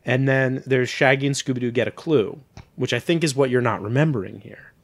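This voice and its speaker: A man's voice: mid-range voice, a little fast, creaky. A man co-hosting a casual podcast, playfully teasing and swearing freely as he rattles off trivia. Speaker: podcast co-host. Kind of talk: casual chat.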